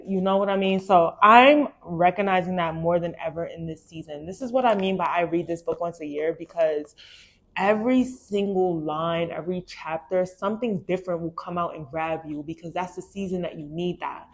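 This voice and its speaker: Reading a book aloud on her podcast, a young woman reacts in an animated, emphatic way, using slang and repeating phrases. She has a lowish voice, speaks at a moderate pace, and blends casual chat with the reading.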